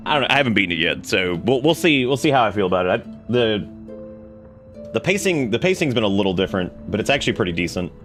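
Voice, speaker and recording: A man with a low-pitched voice, chatting casually while he streams a game. He rambles from story to story, laughs at his own jokes, and restarts his sentences often. Faint music plays underneath. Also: fairly bright tone. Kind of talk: casual gameplay commentary.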